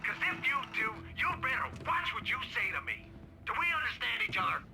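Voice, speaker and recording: A gravelly phone kidnapper. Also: male voice, very high-pitched, very animated, fairly quick, music in the background, full character voice. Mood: threatening. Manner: threatening, curt. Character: menacing male kidnapper on the phone.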